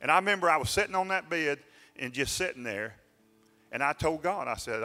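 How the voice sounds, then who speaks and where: A pastor telling a personal story in a sermon, folksy and self-mocking, dropping into plain dialect grammar. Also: male voice, on the high side, expressive, fairly quick, pushed and bright. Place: church sanctuary. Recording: church sanctuary with long reverb and faint music.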